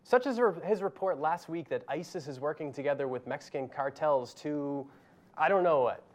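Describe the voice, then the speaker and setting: A man's voice: fairly high pitch, lively intonation, moderate pace, darkish tone. Wry man hosting a satirical news show. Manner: dry, sarcastic asides. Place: studio.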